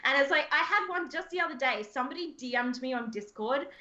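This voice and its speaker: Australian woman, podcast host, casual chat, animated, bright tone, lo-fi audio. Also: high-pitched, quick pace. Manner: animated, laughs often, many fillers.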